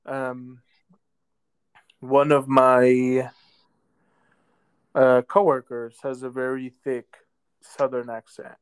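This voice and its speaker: A man co-hosting a casual podcast, laid-back and drawn-out, with many ums. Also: mid-range voice, little pitch movement, smooth. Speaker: podcast co-host. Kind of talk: casual chat. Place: lives in a southern US metro area.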